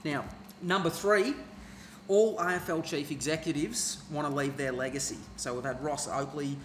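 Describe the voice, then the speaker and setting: Australian man, higher voice, roomy sound. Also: fairly even intonation, normal speed. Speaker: podcast co-host. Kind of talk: casual podcast discussion. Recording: roomy studio with faint noise.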